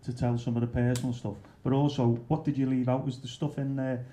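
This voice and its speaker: A man's voice: mid-range voice, flat delivery, brisk, warm tone, slight background noise. A man hosting a book event Q&A, asking rambling, hesitant questions with fillers. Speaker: event host. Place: bookshop event room.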